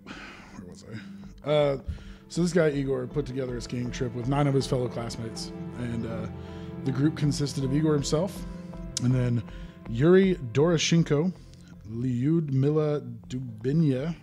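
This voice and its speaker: Joking young podcast host, rambling. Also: male voice, mid-range voice, unhurried, warm tone, faint music behind. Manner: joking, rambling, laughs often. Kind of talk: casual podcast chat.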